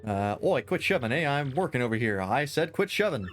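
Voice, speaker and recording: A man voicing a gruff pirate ship's crewman in a put-on pirate accent, using salty sailor talk. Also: mid-range voice, very animated, brisk, fairly bright tone, faint music behind.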